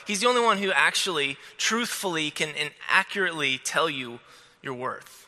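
A man's voice: a little high, expressive, normal speed, sharp tone, big-room sound. A man giving a casual, rambling sermon to students, full of restarts and fillers.

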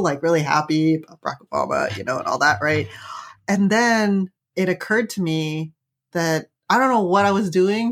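A woman telling a personal story in casual chat, peppering her lines with "right?" and "like", and laughing as she goes. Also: on the low side. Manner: chatty, tags lines with "right?" and "like". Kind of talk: casual anecdote.

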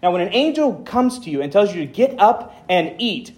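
A man's voice: high-pitched, very animated, normal speed. A man preaching a conversational sermon as pastor, with dry humor and dramatic emphasis when reading scripture.

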